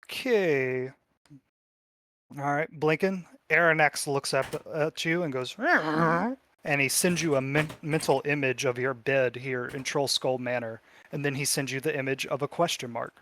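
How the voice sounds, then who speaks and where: A man narrating a tabletop game as game master, telling the story in a relaxed way with fillers. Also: medium pitch, moderate pace, slight background noise.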